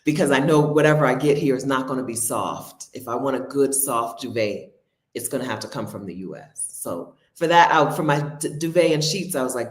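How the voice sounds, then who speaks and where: A woman's voice: extremely low pitch, fairly quick, reverberant. A woman, chatting casually and laughing with her viewers during a livestream from her home. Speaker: host. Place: home near her refrigerator.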